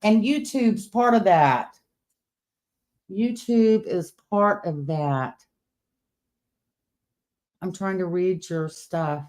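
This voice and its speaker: A woman's voice: on the high side, a little mellow. A woman hosting a casual late-night livestream, whispering at times and chatting with viewers, her speech a little impeded by new partial teeth. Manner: whispering, chatty, reading viewer comments aloud. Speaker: livestream host. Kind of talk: casual live-stream chat.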